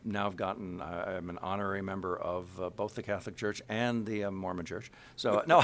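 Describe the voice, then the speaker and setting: A middle-aged man from Kansas City, a voice actor chatting in an interview and slipping into character voices as he talks. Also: lowish voice. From Kansas City, USA. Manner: animated, slips into character voices mid-sentence. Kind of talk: casual interview chat.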